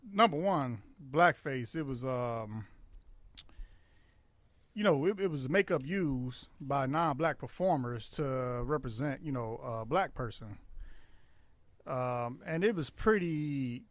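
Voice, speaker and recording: A man's voice: mid-range voice, lively intonation, slow pace, no room sound. A middle-aged man co-hosting a podcast, telling loose, crude stories in casual chat and laughing often. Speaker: podcast co-host.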